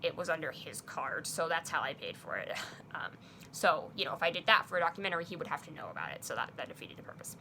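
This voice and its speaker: A woman's voice: deep voice, very animated, fast, vocal fry, bright, forceful tone, a little hiss or hum. A young woman vlogger telling a personal story in a casual, chatty way, full of fillers, acting out both sides of a chat. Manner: chatty, many fillers, quotes herself and others.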